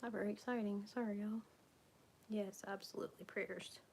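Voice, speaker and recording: A woman chats on a live crafting stream, rambling from one thought to the next. Her voice has a gravelly fry, sits at an average pitch for a woman, and often drops into a whisper. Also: steady tone, normal speed, darkish tone, slight background noise. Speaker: crafting vlogger. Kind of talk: casual live-stream chat while crafting.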